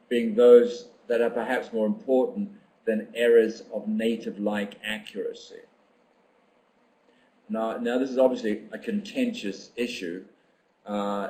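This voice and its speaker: Reading viewers' comments during a teacher-training webinar, an older man reflects on each in an unhurried, thoughtful way, dropping in frequent ums. His voice is on the low side and mellow, captured in a low-quality recording.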